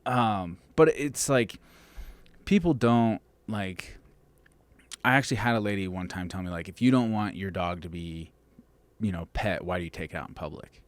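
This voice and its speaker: A man's voice: sits low, moderate pace, no echo. A man talking as a dog trainer and podcast guest in casual chat, blunt and emphatic, swearing freely.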